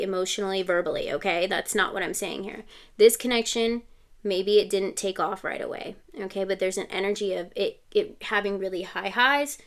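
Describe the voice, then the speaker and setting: A woman's voice: mid-range voice, a bit bright. A woman giving a casual tarot reading to camera, chatty and reassuring, often checking in with "okay?". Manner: quotes song lyrics and sings snatches. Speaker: tarot reader.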